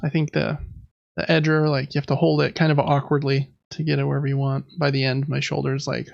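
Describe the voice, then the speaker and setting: A man's voice: mid-range voice, monotone, fairly quick, vocal fry, a little mellow, no room sound, muffled recording. A man chatting casually as a podcast host, thinking aloud with lots of fillers. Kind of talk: casual chat.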